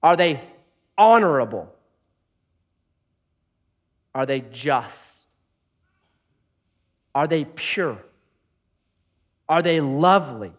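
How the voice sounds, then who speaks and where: A male pastor giving a sermon, telling stories with humor and dropping soft for prayerful points. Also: fairly high pitch, extremely slow, long pauses. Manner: animated storytelling with jokes.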